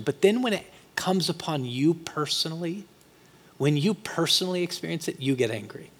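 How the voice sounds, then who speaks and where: Male pastor, slightly high voice, conversational sermon with loud emphatic bursts, long hall reverb. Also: animated, normal speed, breathy edge. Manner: conversational preaching, swings from quiet asides to loud emphatic peaks.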